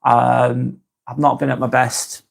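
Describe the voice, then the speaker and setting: A man hosting a casual live stream, talking softly and unhurriedly, apologising often and reading out viewer comments. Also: mid-range voice, level tone, vocal fry. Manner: soft, unhurried, apologetic, with frequent ums and restarts.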